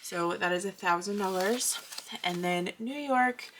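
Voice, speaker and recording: A woman's voice: mid-range voice, measured pace, fairly bright tone, a little hiss or hum. A young adult American woman from the Midwest, vlogging about budgeting in a chatty, digressive, upbeat way. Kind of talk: casual chat showing purchases.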